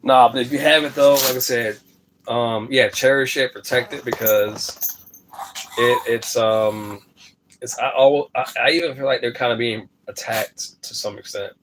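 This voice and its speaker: A man talks casually to his phone camera at home, rambling and pausing to find his words. His voice sits in an ordinary middle register. A faint background hiss runs under the recording. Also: medium pitch, steady tone, a bit bright. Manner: rambling, stops often to talk to his dog. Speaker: vlogger. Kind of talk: casual vlog talk to camera.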